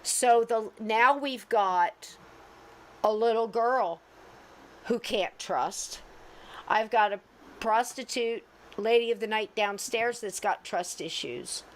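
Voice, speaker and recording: A middle-aged woman, a podcast co-host and medium, telling a story in a casual, earnest way and softly quoting her own gentle words. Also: on the high side, slow pace. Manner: earnest, soft-spoken retelling with gentle quoted asides.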